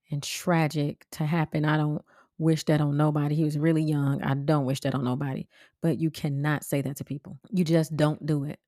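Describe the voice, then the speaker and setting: Blunt low-voiced woman with gravelly fry. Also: dry recording, clean studio sound. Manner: blunt, animated, swearing, jumps into high exclamations. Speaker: podcast host. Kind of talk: casual storytelling monologue.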